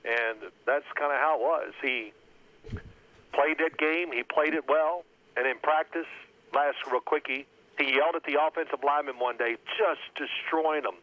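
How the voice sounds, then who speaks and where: A man's voice: fairly high pitch, moderate pace. Man telling stories over a phone line. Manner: animated anecdotes, acts out coach's yelling. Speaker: former NFL quarterback guest. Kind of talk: storytelling phone interview.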